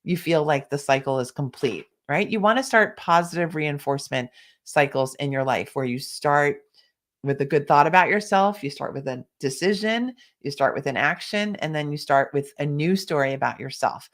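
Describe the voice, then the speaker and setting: Low-pitched woman, workshop coach on a live stream, encouraging, occasional cough. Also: expressive, moderate pace. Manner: encouraging, reads chat comments aloud. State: coughing now and then, sipping tea. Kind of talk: live online workshop talk.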